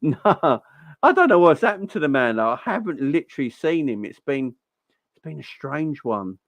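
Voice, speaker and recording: A young man hosting a casual football fan livestream, chatty and giving shout-outs to viewers. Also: on the high side, very animated, moderate pace, dry recording.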